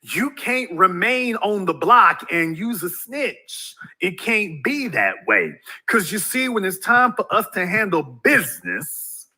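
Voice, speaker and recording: A man delivering a ranting video monologue in a high-set voice that is very bright and cutting. He preaches at his audience and keeps hammering them with rhetorical questions. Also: very animated, takes it slowly, few pauses, slightly rough. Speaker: YouTube commentator.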